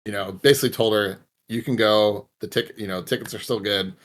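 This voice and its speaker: A young man with a fairly low voice tells a casual story on a podcast. He is relaxed and wry, and he curses now and then. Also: fairly quick. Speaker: podcast co-host.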